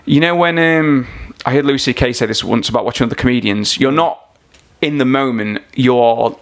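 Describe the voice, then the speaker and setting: A man's voice: medium pitch, moderate pace. A man from Nottingham, a podcast guest rambling through stories in casual chat and swearing freely. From Nottingham, England. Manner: rambling storyteller, swears freely, many fillers. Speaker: podcast guest, singer-songwriter.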